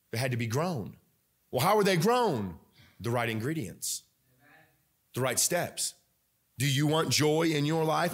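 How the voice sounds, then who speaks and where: A man preaching a sermon as pastor. He talks in a conversational, animated way, with many fillers and restarts. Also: medium pitch.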